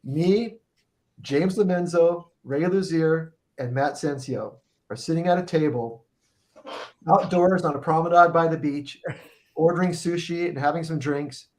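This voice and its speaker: A middle-aged man with a voice pitched a touch above the usual, spinning a loose and profane anecdote as a podcast guest. He rambles, trips over his words and starts his sentences again as he goes. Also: a little mellow. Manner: rambling, profane, restarts often. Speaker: guest musician telling a tour story. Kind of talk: casual storytelling in a podcast chat.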